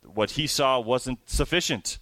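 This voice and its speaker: A man preaching a sermon, reading scripture aloud slowly and building his emphasis on key words. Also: medium pitch, pushed and bright, no room sound. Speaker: pastor.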